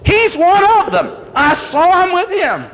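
A shrill little girl pipes up in a squeaky, piercing voice, jabbing out her accusation as a preacher puts her on in a sermon. Her tone leaps far above a grown man's register and rings out loudly. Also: expressive, takes it slowly, creaky, heavily acted. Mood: accusing. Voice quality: squeaky, high-pitched.

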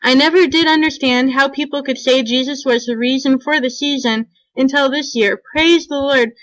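Woman, high voice, dry close sound, sincere reflective testimony reader. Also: fairly even intonation, normal speed, fairly bright tone, no room sound, poor audio. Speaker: church member giving testimony. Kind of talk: read testimony.

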